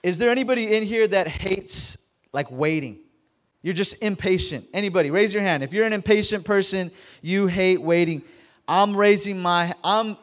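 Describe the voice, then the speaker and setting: A man in his thirties preaching a casual, joking sermon to his congregation in a church, often stammering and repeating words. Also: high-pitched. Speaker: pastor. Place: church sanctuary.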